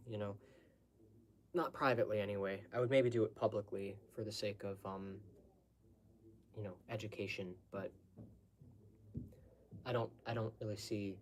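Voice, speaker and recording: A man's voice: fairly low pitch, slight background noise. A man speaking unscripted to his viewers in a blunt, lecturing way, urging them to think for themselves. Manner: blunt, lecturing, exhorting the listener. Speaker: host answering audience questions. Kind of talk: unscripted monologue.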